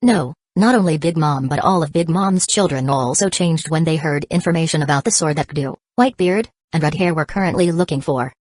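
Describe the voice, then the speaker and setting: A woman's synthetic voice narrating a web novel audiobook in a flat, even reading. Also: low-pitched, a little fast, few pauses, dry recording.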